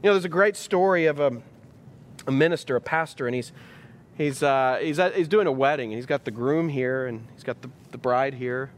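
A man's voice: medium pitch, brisk. Emphatic male pastor preaching a sermon. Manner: emphatic, building rhetorical repetition.

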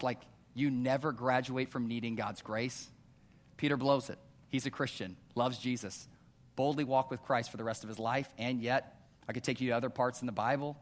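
A man preaching a sermon to a congregation in a church, calling out "amen?" and asking rhetorical questions, moving between hushed earnest pleading and louder emphatic urging. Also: mid-range voice. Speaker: pastor. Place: church hall before a congregation.

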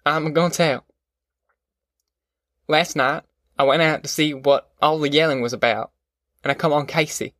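A man's voice: fairly high pitch, steady tone, normal speed, pauses often, fairly bright tone, dry recording, clean studio sound, lightly acted. A man voicing a beaten, weary young farmhand son who speaks tersely in rural folksy speech.

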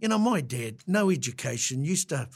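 A man's voice: fairly high pitch, big pitch swings, moderate pace, breathy edge. A middle-aged man with a New Zealand accent, co-hosting a podcast in casual chat. He is a reflective storyteller who restarts often and tags sentences with "eh". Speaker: podcast co-host.

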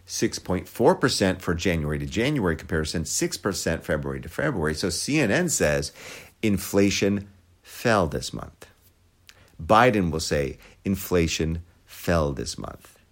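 Sarcastic, animated low male voice. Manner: sarcastic, profane. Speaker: podcast host. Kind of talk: opinionated commentary.

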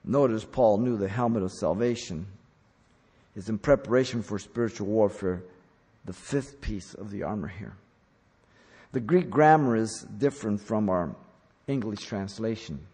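A man preaching a sermon as a pastor, deliberate and emphatic, pressing hard on key words. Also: on the low side, dark tone, breathy edge. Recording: long hall reverb.

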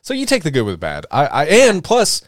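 A man's voice: a little high, huge pitch swings, brisk, no echo, studio quality. A man hosting a podcast, chatting casually with a joking, teasing, often profane manner. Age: adult, working. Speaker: podcast host. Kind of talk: casual chat.

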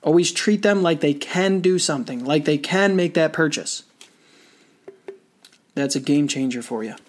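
An energetic man coaching contractors on sales, talking in short, repeated punchy phrases. His voice sits somewhat higher than most men's. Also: normal speed. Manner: energetic, repetitive, conversational. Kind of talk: motivational talk.

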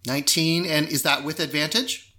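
A man narrating a tabletop game as game master, loose and relaxed, with lots of fillers. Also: fairly high pitch, moderate pace.

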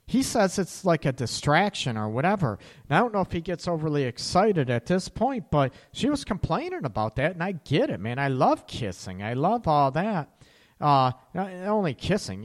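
Lively, candid man hosting a relationship talk. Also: a little high. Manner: candid, laughs at his own slips, keeps adding "right?". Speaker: relationship talk show host. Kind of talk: casual livestream chat.

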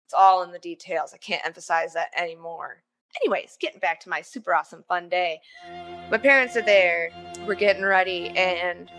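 Chatty woman podcaster in her 30s, bright lowish voice, bit of music under her. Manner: chatty, animated, joking asides. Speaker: podcast host. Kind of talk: personal storytelling.

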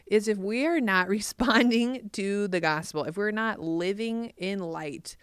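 A woman's voice: mid-range voice, measured pace, smooth, no room sound, studio quality. A woman co-hosting a casual Bible discussion, laughing often as she talks. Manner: warm-hearted, laughs often. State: pregnant. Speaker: podcast co-host.

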